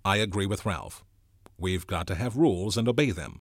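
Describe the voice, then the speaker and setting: A man's voice: sits low, animated, moderate pace, no echo, clean studio sound. A man voicing a bossy, contemptuous schoolboy leader in a novel reading, with a harsh, scornful manner. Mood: proud.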